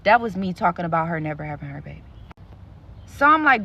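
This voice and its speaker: A woman's voice: lowish voice, big pitch swings, fast talker, creaky, pauses often, pushed and bright, highs cut off. A woman telling a story to her viewers in a vlog, blunt and profane, with lots of animation in her delivery. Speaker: content creator.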